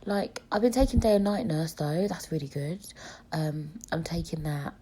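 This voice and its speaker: A young British woman with a low, animated voice hosts a solo podcast, chatting frankly at a moderate pace and swearing plenty despite having a cold. Her tone is warm and slightly rough.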